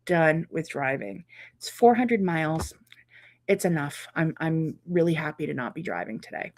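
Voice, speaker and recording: A middle-aged woman hosting a casual live chat, reading viewer comments and reacting warmly and chattily. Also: low voice, expressive, normal speed. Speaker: quilting channel host.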